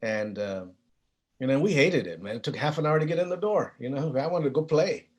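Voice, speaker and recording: A man at mid pitch gives a keynote talk as a relaxed, conversational storyteller. He is humble and hesitant, trailing into fillers and restarting his phrases before the point lands. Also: brisk. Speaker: keynote speaker.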